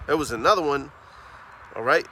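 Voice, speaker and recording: A fervent male street preacher with a high, sharp, bright voice, preaching outdoors. He peppers his talk with "man" and "all right?" and slows down to read scripture with emphasis. Faint street traffic hums behind him. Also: creaky. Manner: reads scripture slowly and emphatically.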